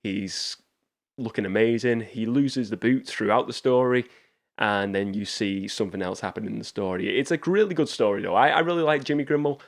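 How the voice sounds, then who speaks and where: Male host, lower register, casual rambling movie chat. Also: a little fast. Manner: chatty, rambling recommendations. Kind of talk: casual movie review talk.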